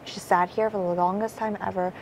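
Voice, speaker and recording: A woman's voice: medium pitch, steady tone, a little fast, background noise. A young woman talking strategy in a casual, rambling way, full of fillers and swearing. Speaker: reality show contestant.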